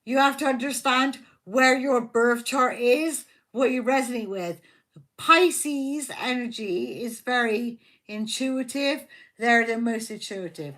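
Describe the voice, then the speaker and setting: A woman hosting a live tarot stream, talking to her viewers in a loose, rambling way. Her voice sits a little high and she takes her time, circling back over the same points. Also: slow, fairly bright tone. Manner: rambling, chatty, repeats herself; talks to viewers by name, affectionate. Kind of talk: casual live-stream chat.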